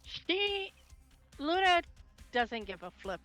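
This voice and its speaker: A woman's voice: very high voice, very animated, slow, a bit bright, soft background music. A woman playing in a tabletop game, explaining what her character does on her turn. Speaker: player. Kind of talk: casual tabletop gaming chat.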